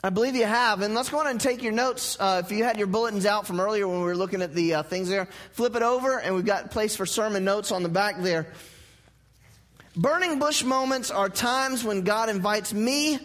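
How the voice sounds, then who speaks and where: A man's voice: sits high, fairly quick, a bit bright, in a large hall. A male pastor preaching a sermon in a church, conversational and joking, repeating his key phrases. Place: church sanctuary.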